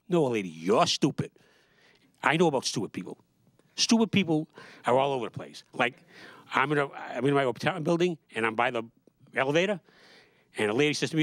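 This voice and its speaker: Sarcastic man with a lively voice. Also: on the high side, fast talker, no echo. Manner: rambling, sarcastic, acts out quoted voices. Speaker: stand-up comedian. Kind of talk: stand-up comedy monologue. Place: small studio.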